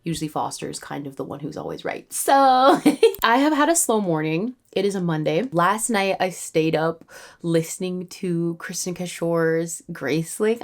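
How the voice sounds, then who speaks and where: A young woman in her twenties from Canada, talking through her writing day in a chatty vlog with many fillers and light laughs. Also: fairly low pitch. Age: 20s. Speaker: writing vlogger. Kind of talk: casual vlog narration.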